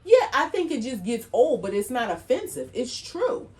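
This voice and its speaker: A woman cohosting a casual podcast conversation, her voice sitting a little high. She talks in animated bursts and leans on "like" as filler. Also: moderate pace. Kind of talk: casual chat.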